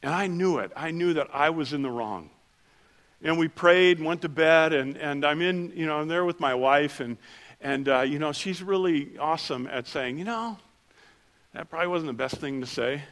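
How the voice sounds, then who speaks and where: A middle-aged man preaching a sermon in church, telling personal stories with self-deprecating humor and dropping soft and low for quiet moments. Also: normal speed. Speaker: pastor.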